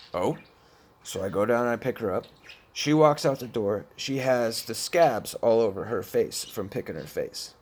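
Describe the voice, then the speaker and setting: With a fairly low-pitched voice and a little hiss or hum in the audio, a man talks through his history with addiction. It's a frank, profanity-laced recovery account that keeps restarting.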